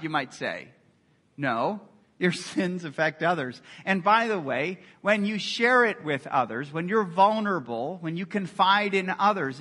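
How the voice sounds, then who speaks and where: Bright, high-voiced male pastor preaching. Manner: earnest, acts out quoted dialogue. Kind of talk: sermon.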